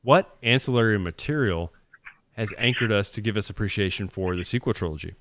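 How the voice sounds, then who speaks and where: A man with a fairly low voice leads a loose group chat over a video call. He jumps in often and jokes around. His voice sounds dry and close to the mic. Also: a little fast, a bit bright, no room sound. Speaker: podcast host.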